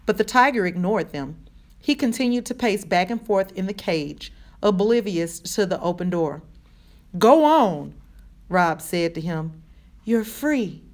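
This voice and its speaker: A woman reading a children's novel aloud in measured narration. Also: lowish voice. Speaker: audiobook reader.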